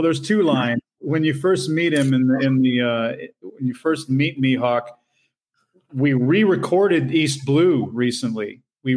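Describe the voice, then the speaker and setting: A man voice actor on a convention panel, telling laid-back, rambling anecdotes. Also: mid-range voice. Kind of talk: casual panel chat.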